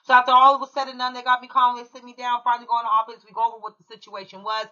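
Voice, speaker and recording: Woman from California, rapid heated storytelling, bright forceful voice, muffled lo-fi sound. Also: on the high side, flat delivery. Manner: emphatic, profane, fired-up. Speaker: true crime commentary channel host.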